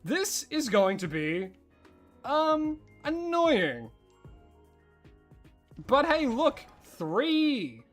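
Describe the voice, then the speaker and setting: A streamer with an Australian accent, chatting casually and rambling while playing, breaking into excited disbelief. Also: high-pitched, drawn-out words, faint music behind. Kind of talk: casual live-stream chat while gaming.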